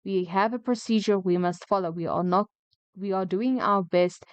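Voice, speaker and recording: A woman reading out the lines of a calm male store worker, polite and firm. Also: medium pitch, normal speed, clear, resonant tone, no echo, natural voice.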